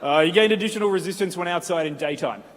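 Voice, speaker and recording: Aussie male co-host, fairly high voice, deadpan delivery, echoing hall with light hiss. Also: fast. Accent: Australian. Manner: deadpan explainer of joke perks, laughs along. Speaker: convention panel co-host. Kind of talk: comedic live panel banter. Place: convention hall stage. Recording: live hall with reverb and faint hiss.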